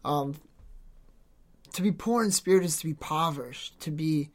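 A podcast host delivering a devotional talks at a moderate pace with a mid-range voice. His informal preaching is earnest and exhorting, and it wanders, full of restarts and self-corrections.

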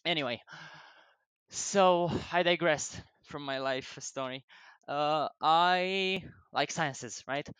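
Young man, non-native English accent, bright tone, dry close sound, profane, laughing, digressive. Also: fairly high pitch, takes it slowly, clean tone, no room sound. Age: young adult. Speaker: vlogger. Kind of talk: rambling casual storytelling.

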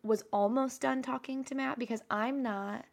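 A woman's voice: sits high, steady tone, moderate pace, creaky. A young woman co-hosting a podcast, chatting casually and telling a story with lots of swearing. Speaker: podcast co-host. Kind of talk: casual chat.

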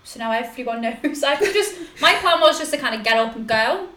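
A young woman in her twenties telling animated stories in a casual chat, laughing often. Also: a little high, a little fast. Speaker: podcast guest. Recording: echoey room with noise.

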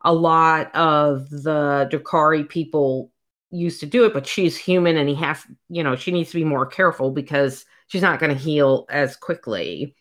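A woman with a low, deep voice chats casually as she recaps a story. She retells it with animation and slips into the characters' lines as she goes. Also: normal speed, fairly bright tone. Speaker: podcast co-host. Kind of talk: casual book recap chat.

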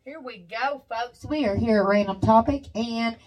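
A woman's voice: fairly high pitch, normal speed, lo-fi sound. A woman chats loosely on a podcast. She curses often and acts out other people's lines in put-on voices. She sits a little back from the mic, so the sound sits a bit at a distance. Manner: swearing, storytelling with mimicked voices. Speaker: podcast co-host. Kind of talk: casual chat.

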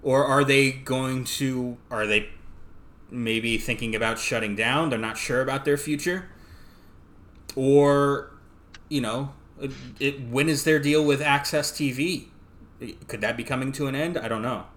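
Male podcast co-host, mid pitch, bright voice, easygoing and hesitant. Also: steady tone, measured pace. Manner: easygoing, hesitant, lots of fillers. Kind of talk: casual wrestling chat. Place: apartment.

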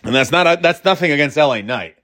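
A man's voice: on the high side, animated, fast talker, sharp tone. A man talking casually on his own, rambling with fillers and restarts and cutting in short jokey imitations. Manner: breaks into short mock catchphrase imitations. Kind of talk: casual solo chat.

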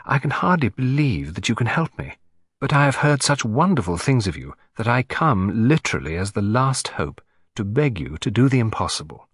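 Man voicing a soft-spoken, distressed young lady. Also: medium pitch, very animated, normal speed, breathy edge, dry recording, clean studio sound. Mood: anxious. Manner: soft, hesitant, pleading. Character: pretty young upper-class woman in distress. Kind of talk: audiobook character reading.

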